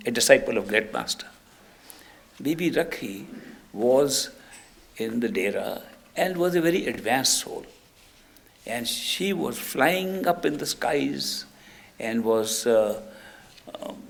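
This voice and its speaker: Gravelly older spiritual teacher. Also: male voice, medium pitch. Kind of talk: spiritual talk with storytelling.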